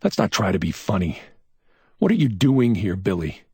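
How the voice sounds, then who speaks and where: In an audiobook crime story, a man voices a male investigator who probes with patient yet insistent questions. The delivery is heavily acted, with a deep, slightly rough voice pushed higher than usual, wide pitch swings, and a normal pace. The studio recording is clean, with no room sound.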